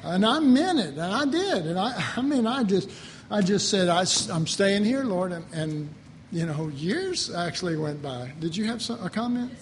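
A man's voice: high-pitched, very animated, normal speed. A man preaching a sermon, teaching from the Bible in an emphatic, conversational way and acting out his own inner dialogue. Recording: hall reverb with faint background noise.

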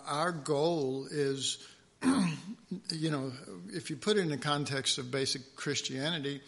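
A man preaching a conversational sermon, pausing often with fillers and restarts as he reads scripture aloud and stresses words. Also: medium pitch, a bit bright. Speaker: pastor.

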